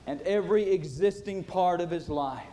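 A man's voice: high voice, moderate pace. Impassioned preacher man. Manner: impassioned, swinging from loud to hushed. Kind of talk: sermon.

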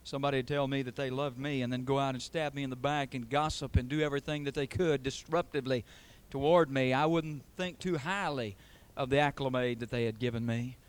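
A man's voice: medium pitch, fairly even intonation, fairly quick, clean tone. A male pastor preaching a sermon, emphatic and building through repeated phrases.

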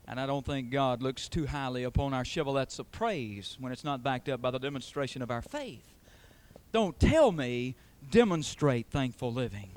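A male pastor preaching a sermon, emphatic and building through repeated phrases. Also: mid-range voice.

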